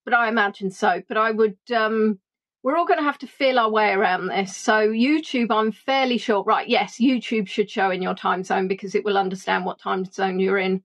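Chatty woman, live tour guide, greets viewers, self-deprecating, fairly high voice. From England. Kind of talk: casual live chat with viewers.

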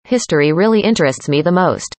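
Woman reading practice dialogues, low voice. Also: animated, fairly quick, darkish tone, no echo. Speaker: dialogue reader. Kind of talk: scripted conversation practice.

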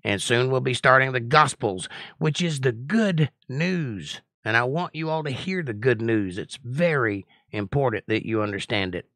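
Blunt, bright-voiced middle-aged male teacher. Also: medium pitch, normal speed, hardly any pauses, dry recording. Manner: blunt, assertive, lecturing. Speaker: Bible study teacher and host. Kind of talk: live-stream Bible study, reading out viewer comments.

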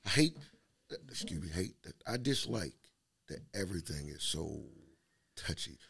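Man, gravelly husky voice, lively swinging pitch, animated storytelling, casual chat. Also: normal speed. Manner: animated storyteller, acts out quotes, laughs often. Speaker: podcast guest telling stories.

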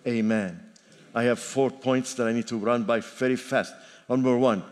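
An older man with a mid-range, darkish voice preaches at normal speed in a steady tone. His sermon in a church sanctuary is emphatic and repetitive, broken by joking asides, and the hall's long reverb fills the recording.

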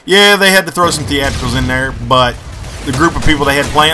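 A young man giving crude, excitable gameplay commentary, swinging between yelling and muttering. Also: medium pitch, fairly quick, over loud music.

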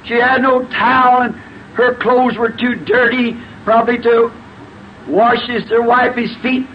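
A man preaching a fervent, emphatic sermon in a church, breaking into shouts, with the congregation calling back. He is heard on a dull old tape with faint hiss. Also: extremely high pitch, level tone, a little slow. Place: church before a responding congregation.

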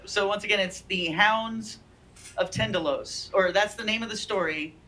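A woman reading a story aloud at a measured pace as a guest on an informal art show. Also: mid-range voice, pushed and bright, poor audio. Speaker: guest reader.

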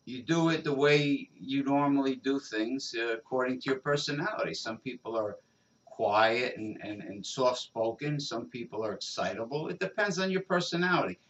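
A man's voice: mid-range voice, fairly bright tone. Man with a mid-range voice, hesitant and restarting, recorded far off and lo-fi. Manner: halting, restarts often. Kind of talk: casual discussion. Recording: dull distant lo-fi sound.

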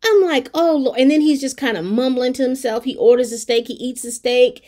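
A woman's voice: fairly high pitch, fairly quick. Chatty woman retelling a TV episode. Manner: chatty, expressive storytelling with lots of fillers; colloquial, talks straight to viewers. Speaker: TV show reviewer. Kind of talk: casual recap of a TV episode.

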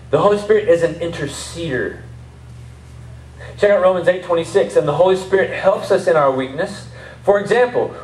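A Southern-accented man preaches to his congregation in a loose, conversational way, with laughing asides. His voice sits a little high. The sound is roomy, and he is picked up from some distance in a hall. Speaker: pastor. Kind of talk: sermon. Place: church service in a rented martial arts academy space.

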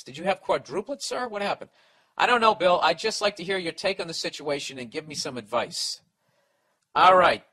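A man's voice: on the high side, pushed and bright, low-quality recording. A man hosting a podcast, giving blunt, profane advice in a sarcastic rant.

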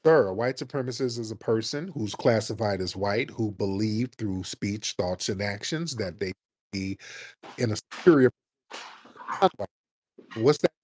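A man's voice: on the low side, measured pace, darkish tone, breathy edge. A man hosting a call-in radio talk show, arguing with a caller in a blunt, lecturing and mocking way.

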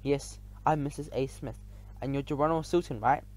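A man's voice: mid-range voice, fairly quick, a little mellow, close to an everyday voice. Friendly young mouse lady, read by a man. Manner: pleasant, friendly. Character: friendly young female mouse, pleasant-voiced.

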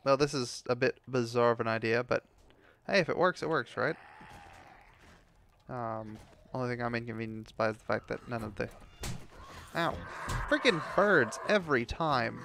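Gravelly man ranting over gameplay. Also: mid-range voice, expressive, moderate pace, long pauses, fairly bright tone, slight background noise. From United States. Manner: frustrated ranting, heavy swearing. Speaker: gameplay commentator. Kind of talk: casual gameplay commentary.

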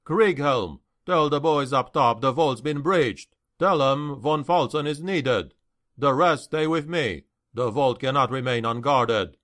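A man's voice: mid-range voice, unhurried, a bit bright, lightly acted. A man voicing a stoic guard captain in an audiobook, giving short, commanding orders.

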